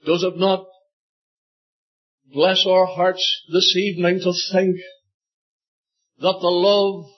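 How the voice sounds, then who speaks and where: A man with a high voice preaches slowly and fervently, stretching phrases and repeating scripture for weight. Now and then he rises into loud, emphatic bursts. The recording is dull and lo-fi. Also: flat delivery. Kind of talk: sermon.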